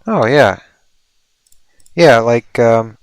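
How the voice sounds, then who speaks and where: A man's voice: medium pitch, very slow, smooth, no echo. A man streaming a building game, musing and thinking aloud as he works, with playful mock-mystical asides. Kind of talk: casual livestream commentary.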